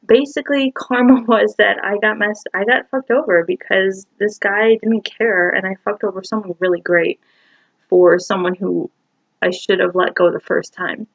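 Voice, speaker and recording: A woman's voice: mid-range voice, fairly even intonation, moderate pace, creaky, no room sound. Young woman vlogger, confessional storytelling, rambling and emotional; dry, muffled phone audio. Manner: rambling, emotional, full of "like" and "you know". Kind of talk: personal storytelling to camera. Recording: dull lo-fi phone recording.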